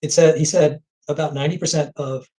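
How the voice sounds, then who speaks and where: A man speaking as an interview guest, telling anecdotes in a rapid flow and often repeating words. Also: on the high side, level tone, mellow, low-quality recording. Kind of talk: conversational interview.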